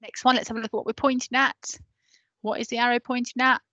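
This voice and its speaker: A woman's voice: fairly high pitch, level tone, bright, forceful tone, no room sound, dull audio. A woman teacher leading an online phonics lesson for parents, patiently sounding out letters and asking listeners to repeat after her. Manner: patient, sounds out letters slowly and prompts repetition.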